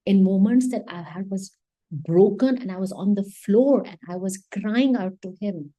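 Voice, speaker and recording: Woman preaching a quran reflection, warm mellow voice, slow emphatic phrases, mixes in hindi. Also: mid-range voice, low-quality recording. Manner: impassioned, switches between English and Hindi. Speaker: Islamic teacher.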